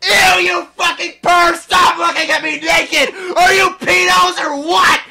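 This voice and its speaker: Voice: flat delivery, a little slow, vocal fry, raised voice, background noise, exaggerated voice. A reader shrieking as a furious goth teen girl. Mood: shrieking outrage. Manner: shrill, screaming. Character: melodramatic goth teenage girl, shrieking in outrage.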